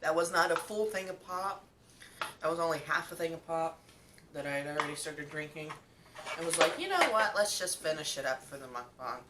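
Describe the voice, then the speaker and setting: A woman's voice: sits low, fairly even intonation, a little fast, distant mic, heavy background noise. A young woman vlogger chatting casually while she eats, telling a story with lots of ums and likes. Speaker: mukbang vlogger.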